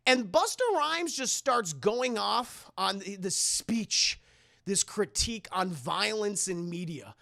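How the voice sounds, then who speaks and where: A young man streamer giving a profane, animated comedic movie recap to his chat, often laughing. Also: sits high, slow, gravelly.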